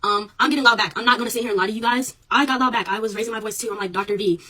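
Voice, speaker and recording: A young woman telling her own story into a phone camera, rapid and emphatic, her voice rising as she relives the argument. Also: on the high side, fairly even intonation, pushed and bright, distant mic, poor audio. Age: young adult. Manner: rapid, emphatic, raises voice when reliving the clash. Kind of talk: casual social media recording.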